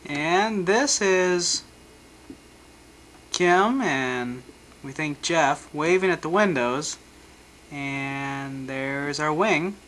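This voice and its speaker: A man's voice: on the high side, expressive, very slow, long pauses, fairly bright tone, slight background noise, low-quality recording. A man narrating his family vacation photos, with dry, joking asides. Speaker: home video narrator.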